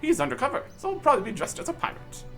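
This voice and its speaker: A pompous old knight commander in a game, posh and blustery, his pitch swinging high and low, as a man puts him on. The voice is lively and full of bluster. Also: very fast, faint music behind, exaggerated voice. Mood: hearty. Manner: posh, blustery, tacks on "what?".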